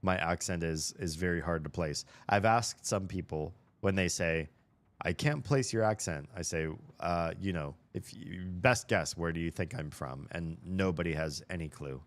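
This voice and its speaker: A man's voice: low-pitched, moderate pace. An American man with a neutral General American accent, chatting casually to his livestream audience while gaming, rambling and thinking aloud. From United States. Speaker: streamer.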